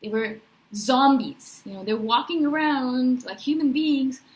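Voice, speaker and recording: A woman in her thirties talking in a personal spiritual vlog, animated and emphatic, often checking in with "right?". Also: high-pitched, measured pace, low-quality recording. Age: 30s. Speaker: vlogger.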